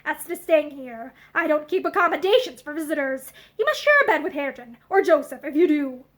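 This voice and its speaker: A woman's voice: high voice, expressive, fairly quick, fairly bright tone. A woman voicing a stern, surly middle-aged man who speaks curtly. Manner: stern, curt.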